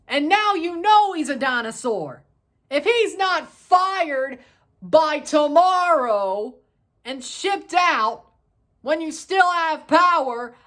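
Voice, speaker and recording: A woman's voice: high voice, fairly bright tone. A woman hosting a solo soccer match review, ranting in a heated, exasperated way and swearing casually.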